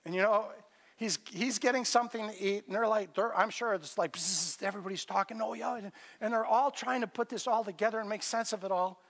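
High-voiced pastor preaching in a reverberant hall. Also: male voice, quick pace, a bit bright. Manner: conversational preaching, acts out scripture dialogue in varied voices. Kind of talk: sermon.

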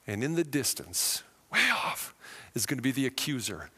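A male pastor preaching a sermon with animated, vivid storytelling in a church hall. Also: medium pitch, normal speed, pauses often, husky. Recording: long hall reverb.

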